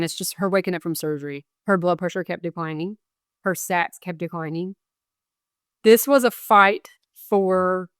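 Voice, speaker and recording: A young adult woman appears as a podcast interview guest, a bereaved mother earnestly recounting events and quoting what people said. Her voice is lowish and a bit bright, with a clean, studio-quality sound and no echo.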